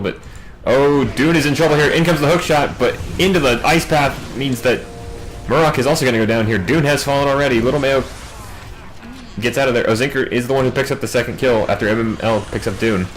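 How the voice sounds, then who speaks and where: A man doing solo play-by-play game commentary, racing through big fights and dropping wry asides in quiet moments. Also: mid-range voice, poor audio. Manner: quick, excitable calls in big plays, wry asides in lulls. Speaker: match commentator.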